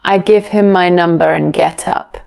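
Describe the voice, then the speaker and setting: A woman's voice: lowish voice, moderate pace, vocal fry, a little mellow. A woman narrating a graded storybook for English learners in a careful, evenly paced reading.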